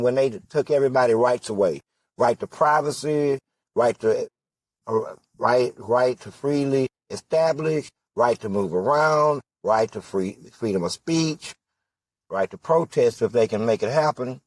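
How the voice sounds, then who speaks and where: Slow, deliberate male political candidate, husky timbre, hammering rhetorical questions. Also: mid-range voice, darkish tone, dry recording. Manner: rhetorical questions, emphatic repetition. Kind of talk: impassioned political monologue.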